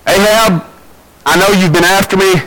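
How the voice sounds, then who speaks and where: A man's voice: sits high, steady tone, normal speed, fairly bright tone, slight background noise, low-quality recording. A man voicing the prophet Elijah in a sermon retelling, speaking in a plain, preacherly way. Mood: pleading. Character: the prophet Elijah, pleading then mocking.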